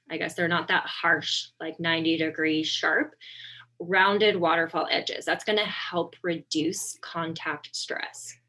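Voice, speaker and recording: A woman occupational therapist giving an informal webinar lesson over slides, relaxed and conversational with frequent ums and self-corrections. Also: on the low side.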